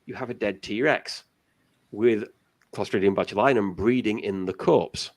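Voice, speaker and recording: A man's voice: fairly low pitch, unhurried. A man as a guest on a casual talk show, giving long explanations with many restarts.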